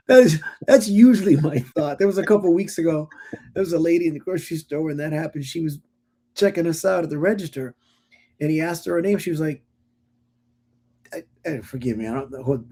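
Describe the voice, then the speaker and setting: A middle-aged man co-hosting a podcast, telling stories in casual conversation with many stammered restarts and lively acted-out quotes. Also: fairly high pitch, husky. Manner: animated storytelling with acted-out quotes. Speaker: podcast co-host.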